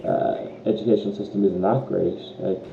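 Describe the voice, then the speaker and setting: A teenage boy from Ireland, speaking with an Irish accent, rambles to camera as a student vlogger, full of ums and short laughs in a casual rant. His male voice is on the low side and gravelly, with a steady tone and moderate pace. The lo-fi recording picks up an echoey room and faint hiss.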